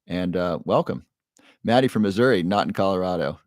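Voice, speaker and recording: A deep, darkish male voice with lively intonation and a fairly quick pace, recorded as clean studio sound without room ambience. He's a neuroscientist and livestream host, casually and cheerfully reading chat, calling out viewers' names, and adding playful roars.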